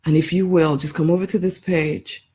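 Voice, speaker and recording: A woman's voice: low voice, steady tone, normal speed, mellow, breathy edge. A woman life coach giving an emphatic promotional talk to camera, repeating her points, calling the listener honey and laughing often. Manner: laughs often between phrases. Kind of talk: promotional live video talk.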